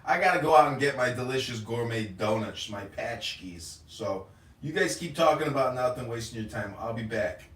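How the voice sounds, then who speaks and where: A man hosting a voice chat show, loud, sarcastic and profane, heard over a social audio app. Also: medium pitch, expressive, normal speed. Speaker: show host. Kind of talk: insulting mock show intro and casual chat. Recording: roomy, distant voice-chat audio.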